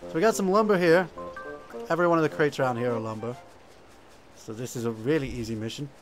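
A man giving casual gameplay commentary, self-mocking and quick to laugh at himself. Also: mid-range voice, soft background music. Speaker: game video commentator.

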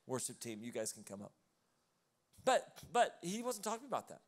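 A man's voice: sits high, huge pitch swings, fast, husky. Man preaching a chatty, laughing sermon. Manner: conversational storytelling with laughing asides. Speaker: pastor. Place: church auditorium, live service.

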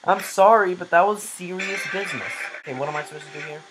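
A man's voice: sits high, fast, music in the background. A young man playing a video game and commentating, screaming and swearing in frustrated outbursts. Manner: cries out in sudden loud outbursts. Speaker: gamer. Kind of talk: let's play gameplay commentary.

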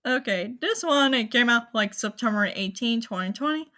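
A woman hosting her own channel, talking casually to viewers in a halting, apologetic way, with many fillers and restarts. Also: a little high, lively intonation, pushed and bright. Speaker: anime channel host. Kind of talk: casual spoken rundown to viewers.

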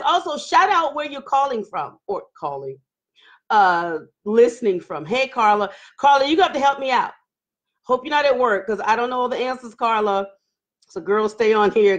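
Casting note: a chatty woman hosting a live stream, animated and giggly, with a higher voice. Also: dull audio. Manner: animated, laughing, greeting viewers by name. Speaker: livestream host. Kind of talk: casual live-stream chat.

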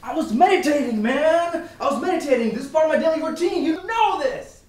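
A man plays a touchy young roommate who moves between indignation and quiet smugness. His pitch rises and falls widely, and he sounds set back from the mic in a reverberant room. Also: expressive, a little fast, natural voice. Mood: indignant. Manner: indignant, then quietly smug. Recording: roomy, distant.

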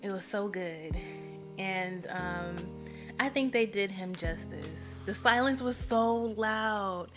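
A woman live streamer chatting casually with her viewers, emotional and expressive. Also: mid-range voice, takes it slowly, over music.

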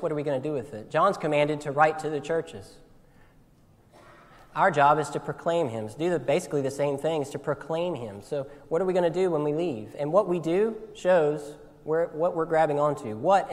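A man preaching a sermon in earnest, often repeating his words as he swings between loud appeals and hushed, tender lines. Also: on the high side. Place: church sanctuary. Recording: long church hall reverb.

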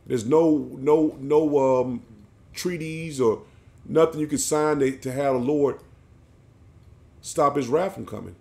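A man's voice: a little high, slow pace, creaky, pauses often, a little mellow. A man preaching an emphatic sermon, often ending his phrases with "man". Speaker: street preacher.

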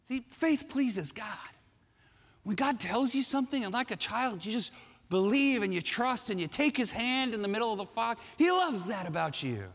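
Brief: male pastor, high voice, animated storyteller, big hall reverb. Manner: animated storytelling with frequent restarts. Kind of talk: sermon.

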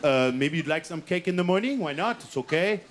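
A man voicing a French resistance farmer in a deliberately bad mock French accent, slow and halting, in a lower voice than his own. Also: expressive, slight background noise, lightly acted. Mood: hospitable. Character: middle-aged male French resistance farmer.

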